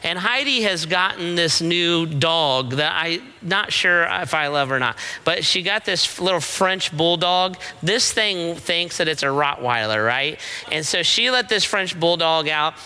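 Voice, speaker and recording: Pastor, middle-aged man, high voice with a piercing bright edge, conversational storytelling sermon, keeps asking the room "right?". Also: animated, measured pace, clean tone, rough recording. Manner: storytelling with frequent rhetorical "right?" checks.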